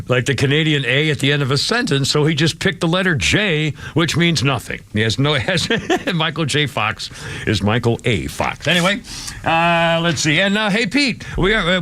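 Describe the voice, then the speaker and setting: A man's voice: fairly high pitch, bright, forceful tone, no room sound. A man in his seventies hosting a live radio talk show, rambling with restarts and chuckles. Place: radio studio. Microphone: studio microphone.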